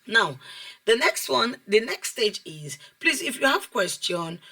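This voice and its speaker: Over a video call, a woman who coaches child development delivers an online class lecture, animated and quizzing her students while repeating phrases for emphasis. Her voice sits on the high side, and she speaks a little slowly.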